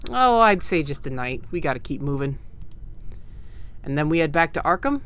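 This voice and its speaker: A streamer voicing a crew of rough small-time 1920s gangsters in a put-on vague East Coast accent, with a tough, swaggering drawl while reading game dialogue aloud. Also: medium pitch, big pitch swings, normal speed, a bit bright. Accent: put-on vague American East Coast.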